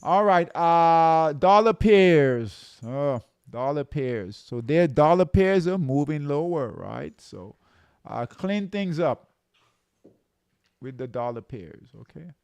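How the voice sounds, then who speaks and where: Slow gravelly man coaching traders. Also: on the high side, lively intonation, darkish tone, dry recording. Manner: repetitive, checks in with "okay?" and "right?". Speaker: trading coach. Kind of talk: live chart walkthrough.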